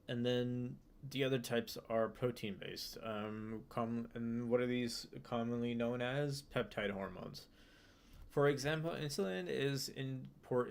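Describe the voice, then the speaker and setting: A man's voice: medium pitch, gravelly. A young man streaming his study session, reading a textbook passage aloud and explaining it casually with many fillers and restarts. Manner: reads text aloud then explains loosely with fillers and restarts. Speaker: student streamer.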